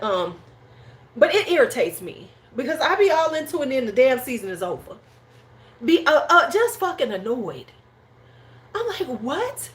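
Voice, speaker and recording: Lady rambling on her livestream, slangy, bouncy voice going up and down. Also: high-pitched. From United States. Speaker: host. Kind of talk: casual livestream chat.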